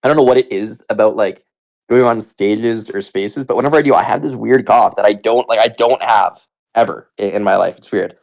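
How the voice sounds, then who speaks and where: A man from Canada hosts a laid-back online town hall, his voice low and gravelly with a touch of fry. He rambles a bit, cracks jokes and keeps things friendly and loose, speaking into a home computer mic. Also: fairly quick. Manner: relaxed, rambling, jokey. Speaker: host of a community town hall. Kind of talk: casual live audio chat.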